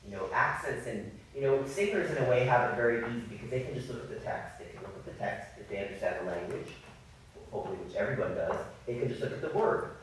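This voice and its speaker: A man teaching a viola masterclass, coaching players in an animated, apologetic way and sometimes singing phrases. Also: medium pitch, quick pace. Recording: echoey hall, distant mic, faint noise.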